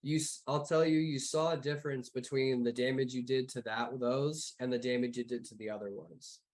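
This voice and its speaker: A man's voice: mid-range voice, fairly even intonation, normal speed, a little mellow, low-quality recording. Rambling, profane male game master. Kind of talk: narrating a tabletop game.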